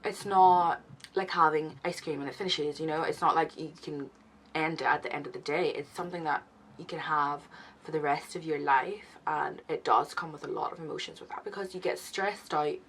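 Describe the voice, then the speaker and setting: A young adult woman vlogging a confessional story as a new mother, emotional and halting, with many restarts. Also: sits low, steady tone, fairly bright tone, rough recording.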